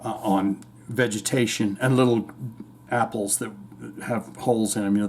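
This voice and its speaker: A podcast host rambles through the news with irreverent, profanity-heavy commentary, swearing freely. His voice sits at a medium pitch with a darkish tone, and he talks at a normal speed.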